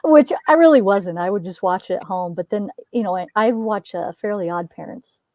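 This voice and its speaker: A woman's voice: mid-range voice, normal speed, a little mellow, slight background noise. A woman in her thirties in a casual chat, rambling and chatty, laughing and swearing. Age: 30s. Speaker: co-host.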